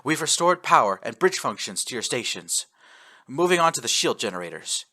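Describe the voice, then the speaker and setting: A man's voice: mid-range voice, sing-song, moderate pace, sharp tone. A man voicing a grim male engineering officer calling over the ship's intercom.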